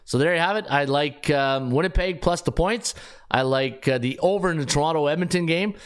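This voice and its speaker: A middle-aged man hosting a sports betting podcast, talking casually in an animated, rambling way with frequent restarts. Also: fairly high pitch, a little fast, clean tone. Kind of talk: casual live-stream talk.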